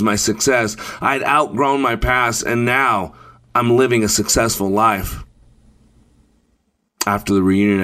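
A man's voice: lowish voice, fairly bright tone. Man telling a dramatic first-person story. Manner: measured, dramatic, with deliberate pauses.

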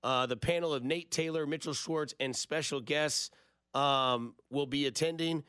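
A man's voice: a little high, normal speed, fairly bright tone, clear, resonant tone, dry recording, studio quality. A man, hosting a sports radio show in a rambling, jokey storytelling way. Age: 30s. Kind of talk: casual radio talk.

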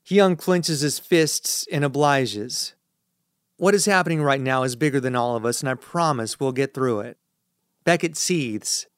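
A man reading a first-person thriller as an audiobook narrator, in a measured, tense storytelling manner. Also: on the high side, smooth, dry recording, studio quality.

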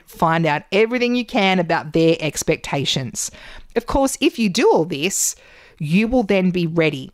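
A woman hosting a podcast, giving public speaking tips in an animated, gesturing way from a studio microphone. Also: on the low side, no echo. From Australia. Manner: animated, gestures a lot while talking. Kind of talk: solo podcast teaching.

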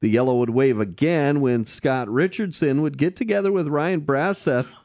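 A male racing podcast co-host with a fairly high pitch and darkish tone speaks at a moderate pace. He reads schedules and chats casually in an easygoing, hesitant manner, using many "uh"s and chuckling along the way.

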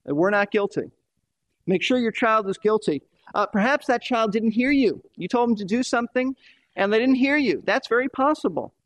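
A man's voice: high voice, expressive, normal speed, no room sound. A man preaching a sermon in an emphatic way, repeating key phrases for stress.

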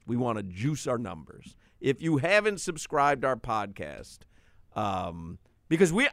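Lively chatty male radio host. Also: fairly high pitch, no room sound, clean studio sound. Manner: chatty, laughs often, plugs the podcast. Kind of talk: casual radio show banter. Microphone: studio microphone.

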